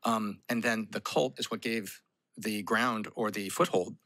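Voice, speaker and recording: A man's voice: lowish voice, fairly even intonation, a little slow, pushed and bright, dry recording. A man interviewing a guest on a podcast, asking thoughtful, hedging questions.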